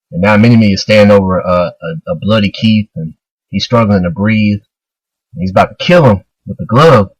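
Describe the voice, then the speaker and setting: A man's voice: fairly low pitch, breathy edge, dry recording, rough recording. A man casually retelling a manga chapter, loose and rambling, full of fillers. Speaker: manga reviewer.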